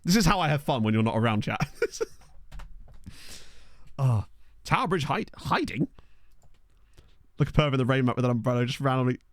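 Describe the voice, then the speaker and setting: A man's voice: mid-range voice, moderate pace, long pauses. A man streaming a football management game from a small bedroom, rambling through stories for his live chat with frequent laughs. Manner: animated, rambling storyteller who laughs often. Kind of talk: casual chat with live viewers. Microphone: desk USB microphone.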